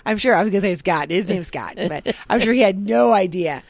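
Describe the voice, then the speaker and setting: Woman chatting, gravelly voice, acts out quotes all over the place, dry close mic. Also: medium pitch, lively intonation, brisk, no echo. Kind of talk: casual storytelling chat.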